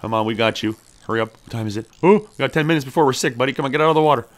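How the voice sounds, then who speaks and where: A man's voice: mid-range voice, very fast. A man playing a survival game and chatting through it, talking to his character and cheering on each catch. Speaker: gameplay streamer. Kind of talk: casual let's-play commentary.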